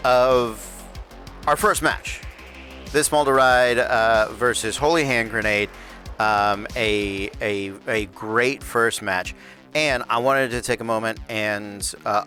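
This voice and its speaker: Man, stream host, slow-paced, bright forceful tone, rambling with fillers, faint music behind. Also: mid-range voice. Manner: relaxed and rambling, with frequent restarts and fillers; says he has his announcer voice on. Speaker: host and game master of a PvP league stream. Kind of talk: livestream talk, reviewing rules.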